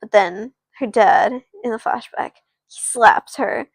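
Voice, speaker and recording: A woman's voice: fairly high pitch, takes it slowly, creaky, husky, no room sound. A woman streamer casually narrating an improvised doll story, rambling and chatting to viewers. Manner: rambling, restarts, chats to viewers.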